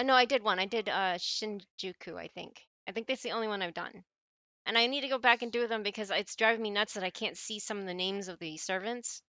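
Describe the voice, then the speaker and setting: A woman's voice: mid-range voice, pushed and bright, dry recording. An American woman streaming games, chatting casually with viewers and rambling with frequent restarts and self-corrections. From United States. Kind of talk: casual gaming stream chat.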